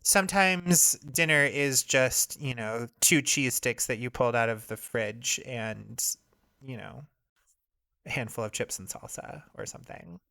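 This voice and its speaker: A woman's voice: a bass voice, unhurried, creaky, sharp tone. Chatty woman streaming a game. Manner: chatty, self-deprecating. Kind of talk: casual commentary over a game.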